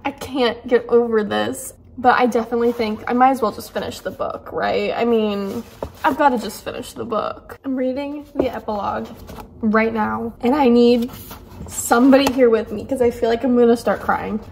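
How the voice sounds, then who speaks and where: A woman's voice: fairly high pitch, fairly even intonation, moderate pace, vocal fry, a little mellow, slight background noise. A young woman chatting in a casual reading vlog, gushing and emotional, with lots of fillers. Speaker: book vlogger.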